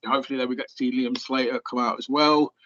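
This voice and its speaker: A man's voice: mid-range voice, level tone, quick pace, bright, forceful tone, lo-fi sound. A man co-hosting a podcast, talking casually and rambling with plenty of fillers. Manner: rambling, filler-heavy, chatty. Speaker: podcast co-host. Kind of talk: casual chat.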